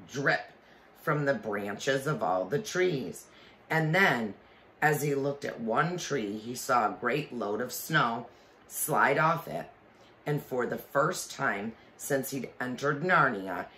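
A man reading a children's storybook aloud with expression, pausing to explain the story to listeners. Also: mid-range voice, a bit bright. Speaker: reader.

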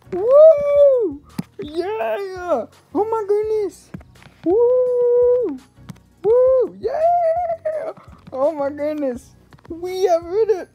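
A man giving live play-by-play commentary on his own mobile game, eagerly talking to himself and repeating quick exclamations. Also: on the high side, mellow.

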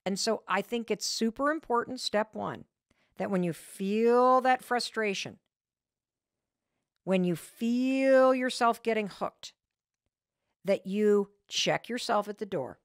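A woman in her fifties hosting a podcast, telling a personal story in an emphatic, self-deprecating way with quick bursts of speech. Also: medium pitch, no echo, studio quality. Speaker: podcast host.

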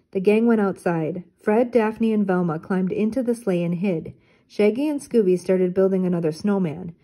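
An older woman reading a children's storybook aloud in clear, even narration. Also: medium pitch, normal speed. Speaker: storybook reader.

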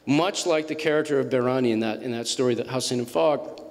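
A man in his fifties, an author talking to an audience and telling animated anecdotes with frequent restarts. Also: medium pitch, a little fast. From Massachusetts. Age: 50s. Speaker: author speaking at a book event. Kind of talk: storytelling talk to an audience. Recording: reverberant hall.

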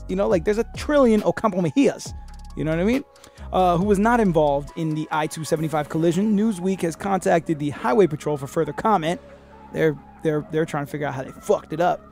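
A man's voice: high voice, vocal fry. A man hosting a comedy podcast, reading odd news stories aloud and riffing on them with lots of profanity and put-on voices for the people he quotes. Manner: profane, animated, puts on voices when quoting people. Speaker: podcast host.

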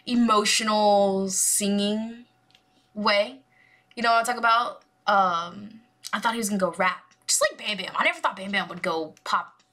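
A woman's voice: medium pitch, sharp tone. Rambling, gushing woman reacting to music. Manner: rambling and gushing, many fillers. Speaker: music reaction channel host. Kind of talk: casual reaction commentary.

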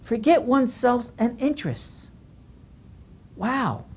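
A man's voice: very high-pitched, big pitch swings, slow pace, husky. A male pastor giving a Bible teaching lecture, emphatic and scolding, who often repeats phrases as he works through the text.

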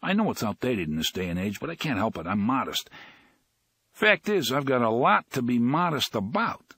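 A man voicing a smug young wisecracker, glib, lively, husky tone, audiobook. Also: mid-range voice, moderate pace, no echo, clean studio sound, heavily acted. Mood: smug joking. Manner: glib, joking, innocent-sounding.

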